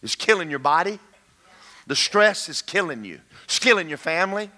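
Male pastor, lively preaching delivery, bright and forceful, slightly high. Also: normal speed. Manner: animated, emphatic, calls out to the congregation. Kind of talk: sermon.

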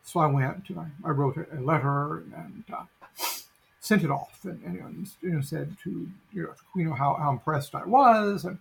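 A man in middle age tells a long story as an interview guest. His voice is gravelly and a little husky, and it sits slightly high. He rambles through the tale with plenty of fillers and restarts. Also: normal speed, low-quality recording. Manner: rambling anecdotal delivery with many fillers and restarts. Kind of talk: casual storytelling.

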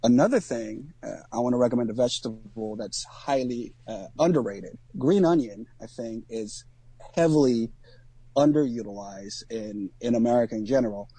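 A man co-hosting a podcast, talking casually in a halting way with many ums and restarts. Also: medium pitch, dark tone, husky, no echo. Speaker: podcast co-host.

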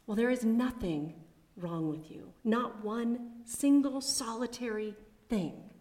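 A woman preaching a sermon at a chapel, measured and reflective, with personal asides. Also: a little high, mellow.

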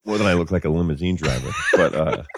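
A man with a very low voice that swings widely as he jokes and swears through a casual chat. The recording is dry and close-miked. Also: lively intonation, fast talker, fairly bright tone, slightly rough, no echo. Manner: profane, chiming in with jokes. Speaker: podcast guest.

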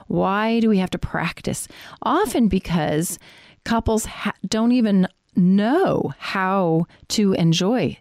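Middle-aged lady therapist, super frank and explicit, gravelly fry in her voice, dry close sound. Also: medium pitch, darkish tone, dry recording. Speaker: sex therapist. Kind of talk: faith-based teaching on sexuality.

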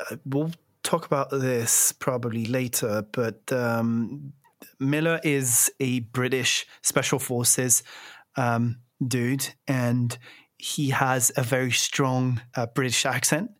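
A man's voice: medium pitch, slow pace, no room sound. A man hosting a podcast interview in a friendly way, laughing often and searching for words. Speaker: podcast host. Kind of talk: casual interview chat.

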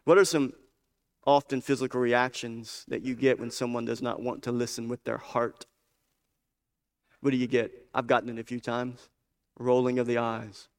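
A man's voice: medium pitch, creaky. A man preaching a sermon, building emphasis through repetition and direct questions to the congregation. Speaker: pastor.

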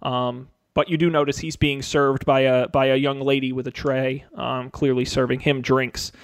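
A young man narrating as game master, halting and filling pauses as he describes the scene. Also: mid-range voice, little pitch movement, clear, resonant tone, no echo, clean studio sound. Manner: halting, full of fillers and restarts.

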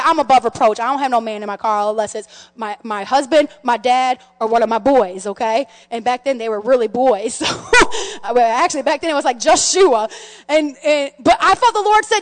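Woman pastor, middle-aged, high voice, lively storytelling sermon in a reverberant hall. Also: normal speed. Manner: animated storytelling, many restarts, addresses the congregation as friends. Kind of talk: sermon with personal stories.

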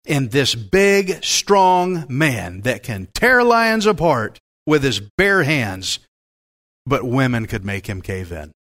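Folksy man preaching, lively pitch. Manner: folksy, joking, animated preaching. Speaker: pastor. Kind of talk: Bible-teaching sermon.

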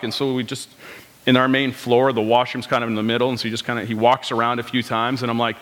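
A pastor in his thirties preaches a conversational sermon in a church sanctuary, his medium-pitched, fairly bright voice steady and rapid-fire. He poses rhetorical questions and quotes lines from his congregation, all under long hall reverb.

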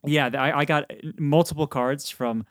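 A man's voice: fairly high pitch, fairly even intonation, normal speed, a bit bright, dry recording, studio quality. A man co-hosting a podcast who laughs easily, teasing his friends before turning earnest as he explains his faith. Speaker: podcast co-host, priest. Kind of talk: casual chat, explaining faith.

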